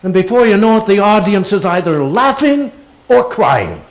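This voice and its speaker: In a rough recording from an auditorium, an older guest speaker answers the audience in a high, sing-song voice at a moderate pace, his voice slightly raised. He rambles loosely, restarts often in small ways, and now and then gets playful and theatrical.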